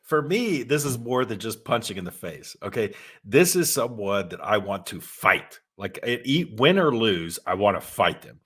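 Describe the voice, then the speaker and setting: A man's voice: fairly low pitch, big pitch swings, moderate pace, few pauses, a bit bright, breathy edge. A man co-hosting a podcast, talking bluntly and casually, laughing often and rambling with restarts. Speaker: podcast co-host.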